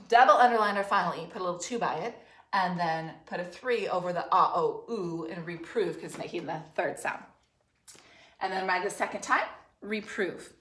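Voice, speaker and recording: A woman teacher leads a spelling dictation for third graders, spelling out words letter by letter in a slow, clear and encouraging way. Her voice sits at a middle pitch, and the room around her gives it a noticeable echo. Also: pushed and bright. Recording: roomy echo.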